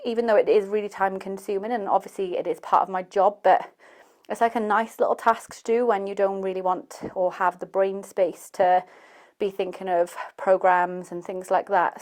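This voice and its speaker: A young woman talking casually to camera in a vlog, chatty and rambling with a self-deprecating manner. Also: mid-range voice. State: out of breath after cardio. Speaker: vlogger.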